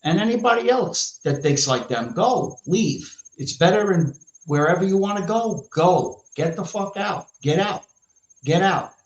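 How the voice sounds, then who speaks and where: A man's voice: sits high, lively intonation, unhurried. Brash profane New York man ranting. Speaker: podcast host. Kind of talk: ranting casual chat. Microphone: live stream mic. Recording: echoey lo-fi room sound.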